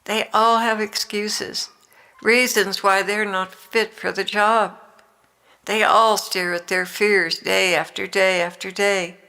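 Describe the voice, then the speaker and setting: A woman's voice: medium pitch, level tone, slow pace, pushed and bright, smooth. Jesus, a tender divine man, as an older woman reads him. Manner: tender, encouraging, exhorting. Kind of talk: devotional reading.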